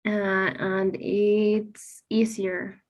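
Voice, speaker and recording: A woman student on a video call, halting and searching for words as she answers. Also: medium pitch, flat delivery. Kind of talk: classroom answers.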